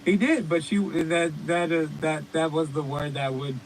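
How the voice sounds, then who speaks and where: A podcast co-host with a voice on the high side tells rambling, profane stories at a normal speed, animated in the style of casual comedic chat. The recording is rough, with a little hiss or hum.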